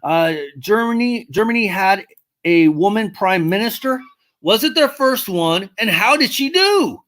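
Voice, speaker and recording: A livestream host casually answering viewers' comments, blunt and swearing, rambling and correcting themself as they think aloud, rising sharply in pitch when worked up. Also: lively intonation, normal speed, a bit bright.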